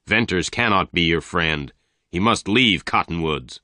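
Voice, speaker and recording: Deep-voiced guy doing a mean angry rancher, slow and threatening. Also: lively intonation, bright, forceful tone, dry recording, studio quality, full character voice. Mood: menacing. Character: tall dark menacing male rancher, angry.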